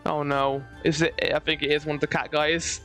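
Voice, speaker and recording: A woman giving playful, excitable let's-play commentary between reading game dialogue aloud. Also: sits low, brisk, soft background music. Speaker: game streamer.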